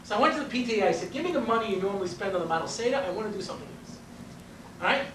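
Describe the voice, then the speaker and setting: Animated rabbi storyteller in a roomy hall. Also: male voice, sits high, racing. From Long Island, New York. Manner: animated storyteller, constantly checks in with listeners. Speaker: rabbi and educator. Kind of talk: storytelling lecture to a group. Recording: roomy, distant mic with faint noise.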